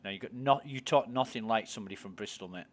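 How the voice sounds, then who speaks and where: A man's voice: fairly low pitch, fast talker. A British man chatting casually while streaming a game, curious and full of questions for his friends. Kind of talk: casual chat while gaming.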